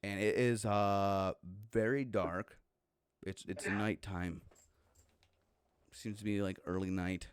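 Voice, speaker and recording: A man's voice: fairly low pitch, fairly even intonation, slow pace, long pauses, smooth. A man running a horror tabletop game as game master, narrating loosely with plenty of fillers.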